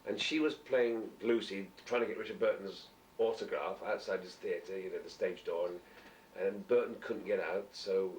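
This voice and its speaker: A man's voice: deep voice, fairly even intonation, normal speed, darkish tone, a little hiss or hum. A middle-aged man, an actor, chatting as an interview guest and telling long rambling anecdotes. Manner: rambling anecdotes, acts out quoted voices. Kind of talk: casual chat. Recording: roomy distant amateur recording.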